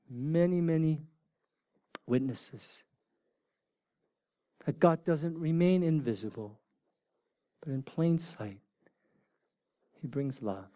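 A man in his forties preaching a sermon, informal and joking, dropping from loud bursts to hushed near-whispers. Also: medium pitch, no room sound. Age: 40s. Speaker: pastor.

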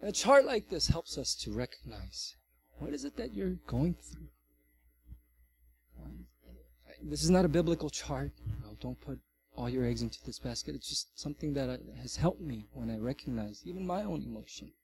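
High-voiced middle-aged guy preaching, gets loud then real quiet. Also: moderate pace, vocal fry, a little hiss or hum. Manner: animated, varies loudness widely. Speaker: pastor. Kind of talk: sermon.

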